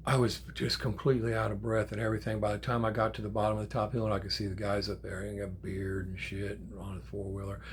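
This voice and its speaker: An older man, a grandfather, telling a story in a casual, animated way, with swearing and acted-out quotes. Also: fairly low pitch, quick pace, hardly any pauses, a little hiss or hum. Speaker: channel host.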